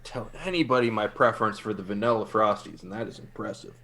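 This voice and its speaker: A man's voice: fairly low pitch, fast talker, a bit bright. A man playing a tabletop game in character, making dry, wry remarks. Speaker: tabletop player.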